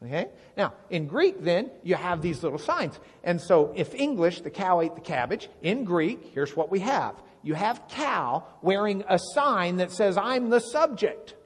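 A man giving Bible teaching to a congregation, explaining with lively questions to the room. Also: high voice, slightly rough. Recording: long reverb of a large hall.

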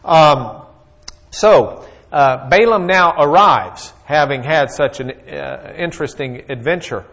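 A man's voice: a little high, slow pace, fairly bright tone. A man teaching a Bible lesson in a folksy, joking storytelling way, with plenty of fillers.

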